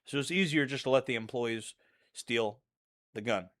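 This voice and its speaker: Bright-voiced man telling rambling stories. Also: mid-range voice, normal speed. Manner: rambling, profane, repeats himself. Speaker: channel host. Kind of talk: casual storytelling monologue.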